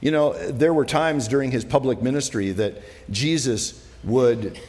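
A man preaching as a pastor, talking conversationally, moving between quiet, slow passages and emphatic ones. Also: mid-range voice, big-room sound. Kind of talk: sermon.

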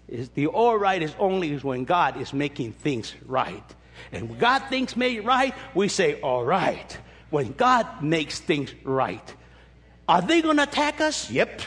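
A man preaching a sermon as pastor, animated, acting out quoted voices with joking asides. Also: high voice, husky. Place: church sanctuary. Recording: long echo of a large hall.

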